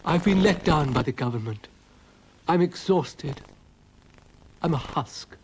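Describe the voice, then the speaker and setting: A man's voice: a little high, lively intonation, slow pace, pitched above the performer's own voice. A man voicing a grumpy, vain male dog who talks in a pompous, self-pitying way.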